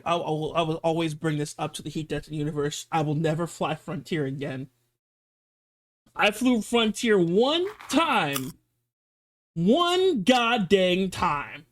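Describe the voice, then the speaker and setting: High-pitched guy on a live stream, rambling animated stories, sometimes quick and sometimes drawn out. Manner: animated storytelling, swings between fast and drawn-out. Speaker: streamer reacting to a video. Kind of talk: casual live-stream chat.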